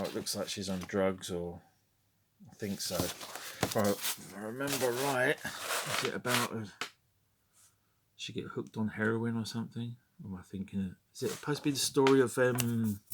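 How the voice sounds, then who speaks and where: A middle-aged man with a lowish voice chats casually while going through his record collection. He's wry and rambling, muttering asides and singing snatches of tunes, and there's noise in the background.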